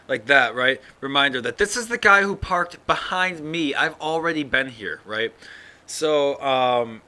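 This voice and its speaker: A sleepy man rambles through his own podcast in a loose solo monologue, swearing freely and yawning between thoughts. His voice is bright and forceful at an ordinary pitch. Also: lively intonation, a little slow. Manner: rambling, yawning, profane, full of fillers. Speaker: podcast host.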